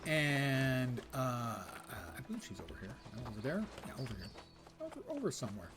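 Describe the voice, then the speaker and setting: A man's voice: medium pitch, sing-song, fairly quick, noisy background. A man giving casual, joking commentary while playing a game live, thinking aloud in a wry way. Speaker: game streamer.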